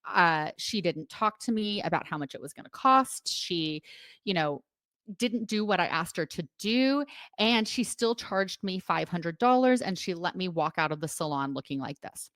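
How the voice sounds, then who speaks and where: A woman's voice: lowish voice, normal speed, no echo, clean studio sound. A woman who owns a salon, telling a story in casual talk and acting out the quoted voices of clients and commenters. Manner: animated retelling with quoted voices. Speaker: salon owner and host. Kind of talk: storytelling vlog chat.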